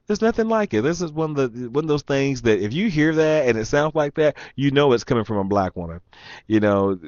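A man's voice: mid-range voice, a little fast, darkish tone, no echo. A man hosting a show, telling a long story in a chatty way, laughing often and speaking asides to his listeners. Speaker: show host. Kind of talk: casual storytelling monologue. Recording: dry, slightly dull lo-fi sound.

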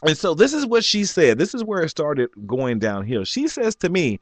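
A man in his forties telling a story in an animated rant, laughing often and jumping up high when he quotes people. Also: normal speed, no echo. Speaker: vlogger.

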